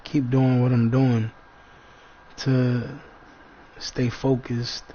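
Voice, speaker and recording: A man's voice: medium pitch, flat delivery, drawn-out words, dark tone. Laid-back slangy man, lo-fi recording. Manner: laid-back, slangy, talks in loose fragments. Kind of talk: casual rambling monologue. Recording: dull lo-fi sound with faint background noise.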